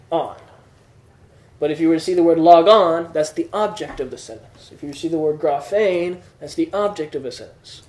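In an echoey classroom, a male Greek teacher with a slightly high, mellow voice takes students through a lesson, patiently explaining and checking they keep up.

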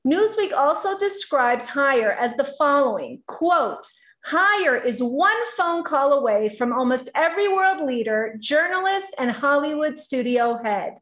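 A woman host with a high voice who introduces the guest and speaks admiringly. She sounds like she is in an echoey room. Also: big pitch swings, measured pace, fairly bright tone.

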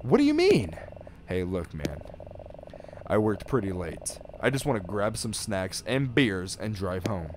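A man's voice: low voice, lively intonation, measured pace, noisy background. A man doing a curt, rude tired stranger. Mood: annoyed. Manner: curt, dismissive. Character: rude, tired middle-aged man in a suit.

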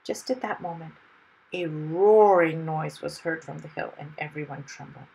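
A woman reading a children's story aloud in a lively, expressive way. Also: deep voice, normal speed, vocal fry, slightly rough, low-quality recording.

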